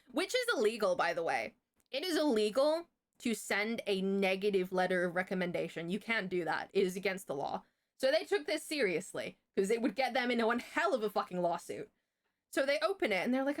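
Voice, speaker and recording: A woman's voice: medium pitch, animated, fairly quick. A young woman on a livestream, telling a story in casual chat, chatty and swearing freely. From Britain.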